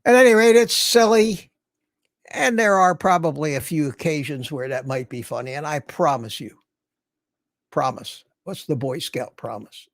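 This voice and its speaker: Through a studio mic and mixer, with no room sound, an older man hosts a casual livestream, wandering from topic to topic and welcoming viewers by name. He speaks at normal speed in a mid-range, fairly bright voice.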